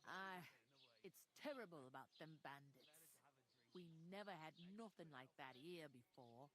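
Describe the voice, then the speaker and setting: A woman's voice: sits low, animated, measured pace, fairly bright tone. A woman voicing a blunt, bossy village innkeeper in a video game. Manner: bossy, plain-spoken, folksy.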